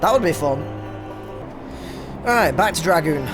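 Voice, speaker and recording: A man's voice: a little high, animated, a little slow, long pauses. A young man hosting a casual gameplay let's play, swearing often, laughing and reading game text aloud. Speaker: gaming let's-play host. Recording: game audio mixed under voice. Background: game music.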